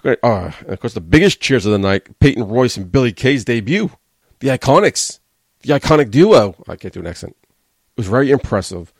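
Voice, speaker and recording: A man's voice: fairly low pitch, animated, fairly quick, gravelly, no echo, clean studio sound. A man hosting a wrestling podcast, giving a blunt, sarcastic, casual review and swearing freely.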